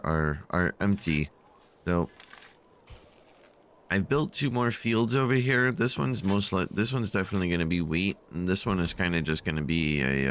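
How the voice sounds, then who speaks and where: A man's voice: sits low, fairly bright tone, clean tone. A sleepy man casually narrating his strategy game, rambling with many fillers and yawns, at a desk microphone at home. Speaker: gameplay channel host.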